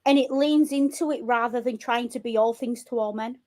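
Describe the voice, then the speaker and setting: A woman's voice: on the high side, brisk, a little mellow. A woman with a British accent co-hosting a casual film podcast, chatty and blunt, swearing now and then. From Britain. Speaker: podcast co-host.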